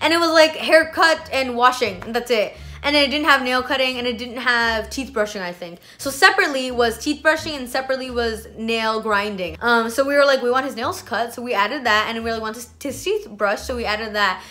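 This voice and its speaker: A woman's voice: fairly high pitch, a little fast, hardly any pauses, bright, forceful tone. A young woman vlogger from Canada telling an exasperated storytime rant in a chatty way, full of "like.". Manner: chatty, exasperated, heavy use of "like".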